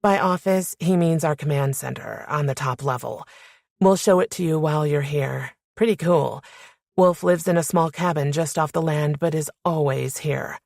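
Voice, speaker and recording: A woman reading an audiobook, voicing a brisk, no-nonsense young woman who scolds and explains. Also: low voice, gravelly, a little mellow, no echo, studio quality. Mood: explaining.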